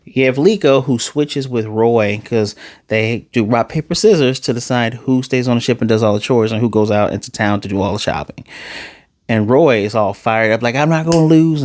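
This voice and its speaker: A man reviews an anime episode casually, sarcastic and animated, with his voice leaping up high to stress points. There's no echo.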